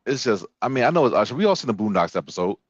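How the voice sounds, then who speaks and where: A man's voice: lowish voice, very fast, husky, no echo, lo-fi sound. A man hosting a casual podcast, telling stories with crude jokes and acting out the voices of the people he quotes. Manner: animated storyteller, crude and joking, acts out quoted voices. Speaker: podcast host.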